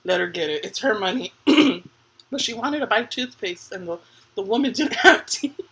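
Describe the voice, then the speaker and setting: A woman's voice: medium pitch, normal speed, slightly rough, low-quality recording. A woman in her thirties, a family vlogger, telling family stories in casual chat with frequent laughter. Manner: laughing, lively storytelling.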